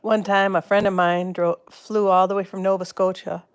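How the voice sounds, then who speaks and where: A woman's voice: mid-range voice, flat delivery, moderate pace, smooth. A woman from Wisconsin with a Wisconsin accent, chatting casually on a livestream and answering viewers' comments by name. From Wisconsin, USA. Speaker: livestream host. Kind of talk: casual live-stream chat.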